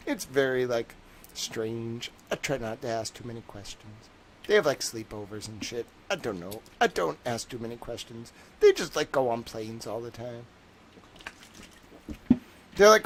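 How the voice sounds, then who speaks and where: A young man talking casually to his stream, his voice swinging up and down with lively pitch at a mid register. He meanders through stories, full of fillers and dry little laughs. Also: measured pace. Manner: meandering, lots of "like" and "I don't know"; wry, laughs between stories. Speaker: livestream host. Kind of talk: rambling casual chat.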